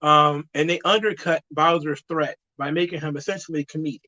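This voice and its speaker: A man's voice: on the high side, steady tone, fairly quick, sharp tone. A man giving an opinionated, conversational movie review in a casual spoken style.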